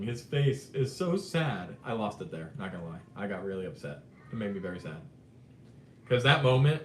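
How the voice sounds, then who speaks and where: A man hosts a live movie chat, talking casually and switching fast between excitement and quieter moments. His mid-pitched voice sits in a roomy space. A faint rumble runs underneath. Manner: animated, quick shifts between excited and subdued. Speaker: live stream host.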